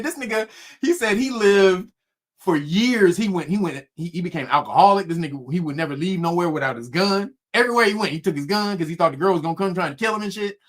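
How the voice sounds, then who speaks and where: A man's voice: sits high, fast. A man casually telling a spooky story, cursing freely and laughing often. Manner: profane, laughing often, animated.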